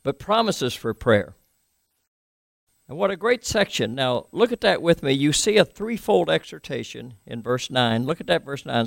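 A male pastor giving a sermon in a conversational way, asking his listeners questions and letting his voice drop low and soft at times. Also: big pitch swings, normal speed, gravelly, no echo, studio quality.

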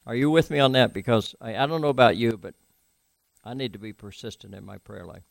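A male pastor delivers a sermon at a middle pitch, with a gravelly edge in his voice. He talks with the congregation instead of at them, asking questions and letting his voice sink low and soft at times. The sound is dry and close to the mic. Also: a little fast, no room sound.

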